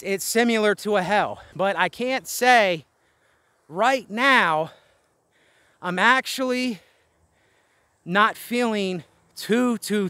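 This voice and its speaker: A man's voice: high voice, bright, forceful tone, no echo. A man venting in a rambling, weary, frustrated way, out of breath, recorded outdoors in the wind. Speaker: vlogger. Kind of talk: candid venting monologue. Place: outdoors, windy spot above a road.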